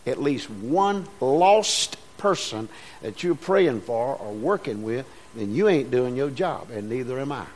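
A man's voice: mid-range voice, animated, measured pace. A man preaching a sermon as pastor, folksy and rousing, calling out to the congregation. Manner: folksy, call-and-response preaching with rising bursts.

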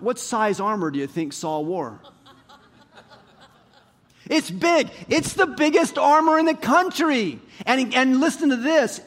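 A male pastor preaching a sermon, reading scripture and retelling it in an animated storytelling way that swings from loud to soft. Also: very high voice.

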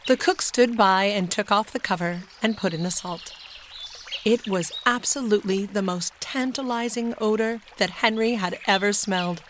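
A woman narrating a children's storybook in a clear, steady manner. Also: medium pitch, moderate pace, a little hiss or hum. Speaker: audiobook narrator.

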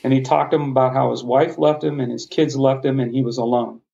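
Podcast guest, middle-aged man, gravelly voice, earnest storyteller, slightly muffled lo-fi sound. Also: medium pitch, steady tone, dark tone. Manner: heartfelt, passionate, halting restarts.

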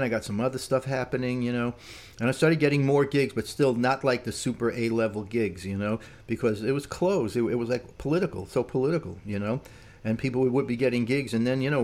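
A man's voice: mid-range voice, a little mellow. An older man, a musician, telling stories in casual talk, rambling and full of "man" and "you know". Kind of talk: casual storytelling.

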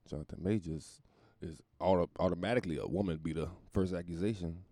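A man's voice: deep voice, quick pace, warm tone, dry recording, clean studio sound. A male comedian delivering a profane, rambling casual podcast monologue.

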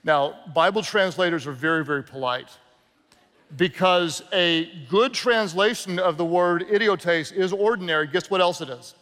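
High-voiced Southern preacher in a big hall. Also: male voice, normal speed. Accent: Southern American. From American South. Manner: energetic, humorous storytelling with crowd call-and-response. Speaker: guest pastor. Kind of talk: sermon. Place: large church auditorium. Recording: long reverb of a big hall.

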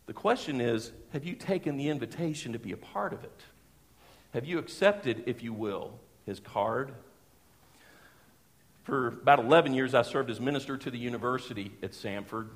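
A middle-aged man, preaching a sermon as a pastor and telling a personal story in a lively, folksy way with chuckles. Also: medium pitch, moderate pace. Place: church sanctuary. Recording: long church hall reverb.

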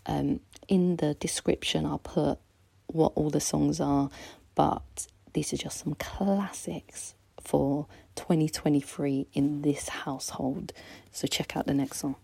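A woman in her thirties hosts a home mixtape like a radio DJ, chatting excitedly and slipping into soft half-whispers. Her voice sits low with a gravelly, husky edge. The recording is dry and close, with faint music underneath. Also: takes it slowly, no room sound. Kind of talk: casual chat between songs.

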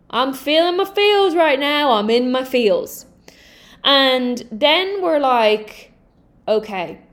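Candid, swearing woman podcast host. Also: on the high side. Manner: candid, energetic, swears freely. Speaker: podcast host and healing coach. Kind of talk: casual podcast monologue.

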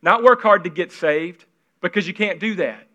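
A man preaching a sermon in an earnest, conversational way, at times dropping into hushed, intimate tones, on a slightly dull recording. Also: sits high, normal speed. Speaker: pastor.

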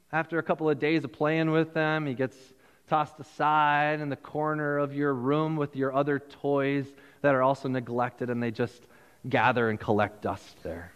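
A man's voice: a little high, fairly even intonation, moderate pace, fairly bright tone, clean tone, in a large hall. A man preaching a Christmas sermon to his congregation, in a conversational style with repeated phrases and restarts. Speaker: pastor. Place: church sanctuary.

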